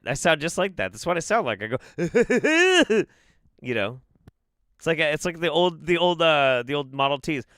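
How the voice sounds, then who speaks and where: A man's voice: medium pitch, bright, forceful tone, no echo, clean studio sound. A man hosting a casual livestream, sarcastic, swearing and laughing often. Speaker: host.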